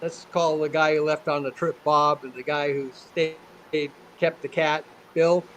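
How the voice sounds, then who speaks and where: A man's voice: a little high, level tone, unhurried, a bit bright, slight background noise, poor audio. An older man, a scientist guest, talking casually in an interview and telling a rambling joke with many repeated words.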